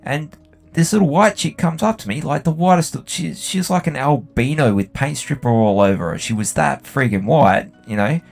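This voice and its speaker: A man's voice: a little high, moderate pace, creaky. A young Australian man chatting bluntly and swearing freely while he plays a game. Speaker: gaming video host. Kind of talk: casual chat while playing.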